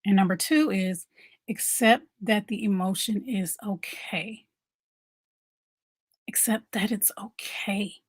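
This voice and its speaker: A woman's voice: mid-range voice, takes it slowly, pauses often, breathy edge, dry recording. Dry-sounding woman coaching fellow moms. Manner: conversational, repeats key points, asks viewers questions. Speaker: mom coach. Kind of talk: motivational talk to camera.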